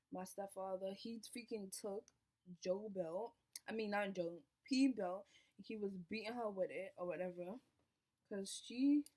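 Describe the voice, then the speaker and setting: A young woman telling a personal story in a casual storytime, animated and swearing, acting out what people said. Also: medium pitch. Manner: animated, swearing, acts out quoted lines. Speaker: vlogger.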